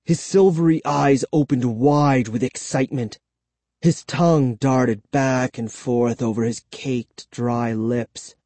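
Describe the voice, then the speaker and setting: A man narrating a spooky children's story as an audiobook, in slow, expressive storytelling. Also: mid-range voice, no echo.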